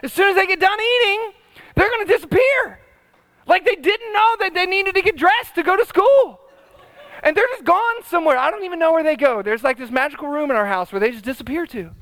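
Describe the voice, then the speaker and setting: Middle-aged male pastor, high bright voice, dry close sound, chatty and humorous preaching. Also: lively intonation, fairly quick, no echo. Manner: conversational, tag questions, humorous asides. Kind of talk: sermon.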